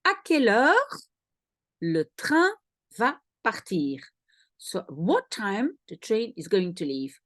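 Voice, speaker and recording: Slow, lively woman teaching a lesson. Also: medium pitch, dry recording, clean studio sound. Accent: Belgian Dutch. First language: Dutch. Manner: slow, carefully spaced explanations with example phrases repeated. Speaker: language teacher. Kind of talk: recorded language lesson.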